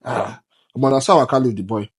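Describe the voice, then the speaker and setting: A man's voice: medium pitch, a little fast, breathy edge. Man, young adult, Nigerian accent, emphatic podcast chat, Pidgin mixed into English.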